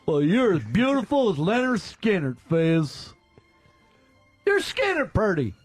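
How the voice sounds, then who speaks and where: Man doing a high, swooping southern redneck, crude and goofy, for a comedy radio bit. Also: wildly swooping pitch, measured pace, soft background music, full character voice. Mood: lovesick. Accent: put-on American Southern. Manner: crude, goofy, sing-song wooing. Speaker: radio show host.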